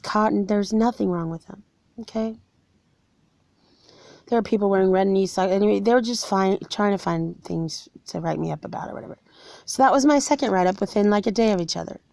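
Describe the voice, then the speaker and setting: A woman of forty, vlogging from somewhere cold, earnestly relates her own experience of being wronged in an aggrieved tone. Her medium-pitched voice is gravelly and a little mellow, and no room sound comes through.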